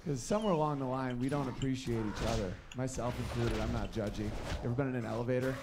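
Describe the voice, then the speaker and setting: Stand-up comic, male, from the Northeast US, animated delivery with sudden high character bits; noisy live recording. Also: quick pace. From Northeast United States. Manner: animated, acts out dog voices in high excited shouts. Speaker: stand-up comedian. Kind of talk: stand-up comedy set.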